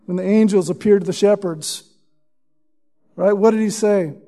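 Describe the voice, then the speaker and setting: High-voiced pastor guy preaching, mellow tone, goes real quiet on the verses he quotes. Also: steady tone, moderate pace, faint music behind. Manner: teaching, drops to a hushed tone for quotes. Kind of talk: sermon.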